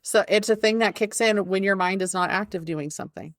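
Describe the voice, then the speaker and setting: Woman podcast cohost, mid pitch, chatty, explains stuff she looked up, dry close mic. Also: a little fast, no echo. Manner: explains things eagerly, chatty. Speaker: podcast co-host. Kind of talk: casual chat.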